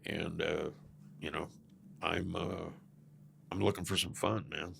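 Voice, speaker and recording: A man's voice: low voice, steady tone, slow pace, creaky, a bit bright, slightly rough. An older man from Southern California, a podcast guest who tells rambling stories and keeps saying "man". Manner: rambling storyteller, often says "man". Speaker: podcast guest, former biker club president. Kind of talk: casual storytelling interview.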